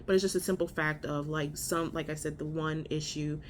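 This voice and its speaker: A woman's voice: deep voice, fairly even intonation, a little fast, a little hiss or hum. A woman telling a story in a casual vlog from a hospital room, blunt and profane, exasperated as she recounts it. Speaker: vlogger.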